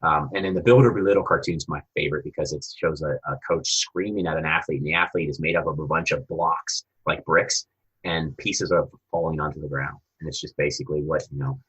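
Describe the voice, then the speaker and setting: A man being interviewed as a guest coach developer, talking in an animated storytelling way. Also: a bass voice, brisk, breathy edge, lo-fi sound. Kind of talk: conversational interview.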